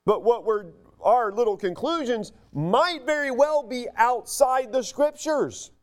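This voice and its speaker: A high-pitched man preaching a relaxed, conversational sermon. He teaches in a loose, chatty way, full of fillers and asides, and his pitch swings widely, dropping low for jokes and side remarks. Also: slow pace. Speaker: pastor.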